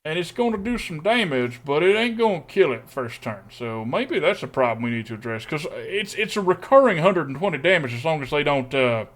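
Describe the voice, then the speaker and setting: A man's voice: fairly high pitch, big pitch swings, a little fast, few pauses. A young man streaming a card game, thinking aloud and humming to himself as he weighs each play. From Texas. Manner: thinks aloud, mutters and hums while weighing plays.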